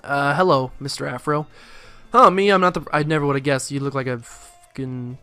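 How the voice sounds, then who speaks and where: A man's voice: medium pitch, normal speed, bright, forceful tone, smooth, dry recording, faint music behind. A man doing casual let's play commentary, rambling with jokes and profane asides into a close mic.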